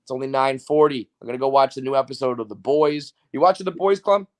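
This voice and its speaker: A man hosting a sports podcast, talking fast and loose in casual banter with a lot of swearing. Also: mid-range voice. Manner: profane, excitable sports banter. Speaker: podcast host. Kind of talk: casual chat.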